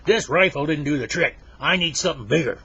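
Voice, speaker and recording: A man's voice: fast, breathy edge, exaggerated voice. A man voicing a dim-witted, hot-headed hunter in a joke, whining in raised outbursts. The recording is dull and lo-fi. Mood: furious. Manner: whiny outbursts that jump high and loud.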